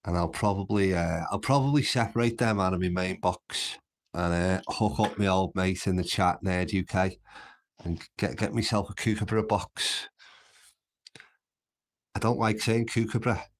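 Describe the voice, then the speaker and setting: This livestream host is a man from Birkenhead, England, speaking in a Merseyside, Scouse-like accent with a deep voice at normal speed and fairly even intonation. Broadcasting from home, he rambles chattily and drifts off topic easily.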